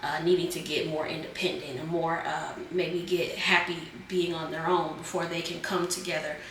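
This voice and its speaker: A woman doing a casual tarot reading, a bit hoarse as she is losing her voice, chatting loosely with many fillers. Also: sits low, level tone, moderate pace, fairly bright tone, reverberant, far from the mic, a little hiss or hum. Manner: chatty, filler-heavy, calls viewers "Geminis". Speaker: tarot reader.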